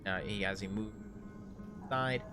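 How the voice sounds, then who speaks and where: A man narrating as game master in a live tabletop game, loose and halting with lots of fillers. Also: fairly low pitch, music in the background.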